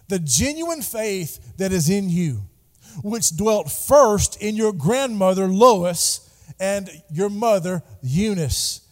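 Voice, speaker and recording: A middle-aged pastor delivers a sermon, his voice set high and mellow. He calls out prompts for the congregation to echo back, and the church sanctuary gives a long reverb tail. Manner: call-and-response preaching, prompting the congregation.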